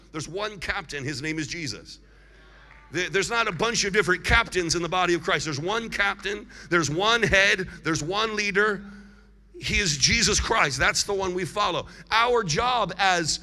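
Bright high-voiced man preaching in a hall. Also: animated. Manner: preaching with call-and-response and emphatic drawn-out declarations. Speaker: guest evangelist preacher. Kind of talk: sermon. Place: large church hall. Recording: live sermon with long hall reverb.

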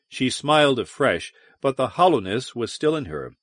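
Man, audiobook narrator, expressive storytelling, animated pitch, middle voice, dry studio sound. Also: moderate pace, hardly any pauses, dry recording. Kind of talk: scripted narration.

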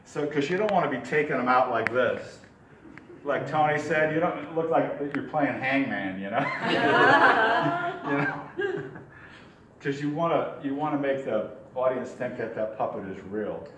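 A man teaching a puppetry workshop in a relaxed, chuckling way, demonstrating as he goes. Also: mid-range voice, normal speed. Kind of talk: informal workshop lesson. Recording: echoey hall from far off, faint ambient noise.

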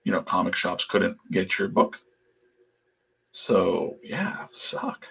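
A man's voice: low voice, very animated, slow pace, creaky, fairly bright tone, slightly rough. A man, a comic artist, telling stories in a rambling, chatty way while he draws, often trailing off into mumbles. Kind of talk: casual storytelling while working.

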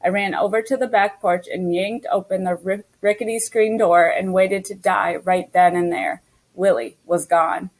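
A woman reading a children's novel aloud in first person, steady and story-paced. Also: mid-range voice, normal speed, rough recording. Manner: steady storytelling as a young girl. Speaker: audiobook narrator. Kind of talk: scripted first-person audiobook narration.

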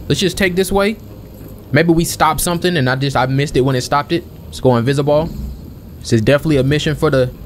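A young man giving casual let's-play commentary as a gaming channel host, chatting and questioning the game out loud. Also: mid-range voice, a little hiss or hum. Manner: chatty, questions the game aloud, calls everyone bro.

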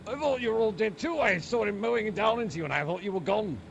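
A man with a put-on Scottish accent and a high-set, gravelly voice. He trades exclamations and curses in loose role-play banter. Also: lively intonation, fast, fairly bright tone, highs cut off, a little hiss or hum.

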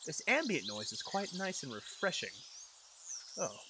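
Young male gamer with a lively, slightly high voice, thinking aloud; noticeable background noise. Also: a little slow. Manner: rambling, easily startled, talks to himself. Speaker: let's play gamer. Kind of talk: casual gameplay commentary.

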